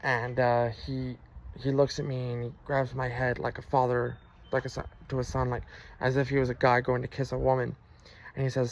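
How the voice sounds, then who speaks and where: A man's voice: medium pitch, completely flat delivery, normal speed, poor audio. A man telling his personal faith testimony in an earnest, emotional way. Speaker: Christian testimony vlogger.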